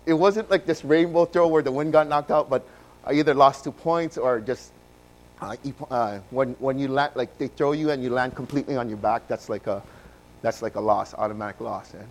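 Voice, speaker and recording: A man from Hawaii, telling his own story in a sermon and swinging between loud bursts and hushed passages. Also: medium pitch, brisk, rough recording.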